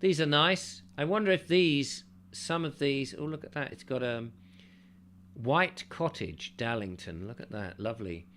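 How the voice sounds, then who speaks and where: Male host-reader, bright, chatty narration with asides at a desk mic. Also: medium pitch, unhurried, slight background noise. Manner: chatty, breaks off to comment, animated in the read passages. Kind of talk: reading a travel book aloud with asides. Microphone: desk mic with keyboard nearby.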